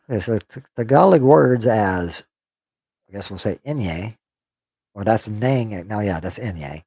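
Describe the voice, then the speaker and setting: A man reading a text aloud on a stream, sounding out unfamiliar words haltingly and joking to himself. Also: fairly low pitch, a little mellow, slightly rough, no echo. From United States. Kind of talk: casual reading aloud on a livestream.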